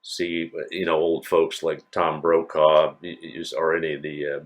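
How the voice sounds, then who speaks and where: An older man with a slight New England accent lectures to a class in a very low, deep voice. He talks loosely, stopping for "um" and "uh" and circling back to restart his sentences. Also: level tone, measured pace. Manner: rambling, many fillers and restarts. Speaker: university lecturer.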